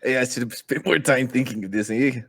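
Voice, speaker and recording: A man's voice: medium pitch, fast talker, gravelly, slightly rough, no echo. A man playing a tabletop game, chatting casually and joking. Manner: joking, animated. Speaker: player.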